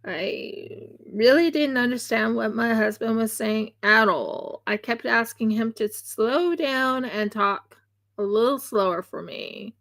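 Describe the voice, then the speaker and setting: A woman chatting on a craft live stream, unhurried and rambling with fillers. Her voice is gravelly with creak and sits a little high. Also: fairly bright tone. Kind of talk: casual chat while crafting on a live stream.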